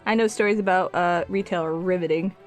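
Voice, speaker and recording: A woman's voice: fairly low pitch, steady tone, fairly quick, soft background music. A woman streaming her art, chatting casually and a bit sassily with her viewers while she paints. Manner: chatty, sassy, talks to chat.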